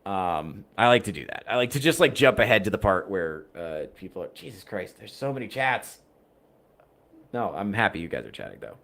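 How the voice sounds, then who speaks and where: A man's voice: deep voice, big pitch swings, fast, few pauses, a bit bright. A man hosting a casual livestream podcast, rambling through viewer chat in a wry, profane way. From United States. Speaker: podcast host reading chat.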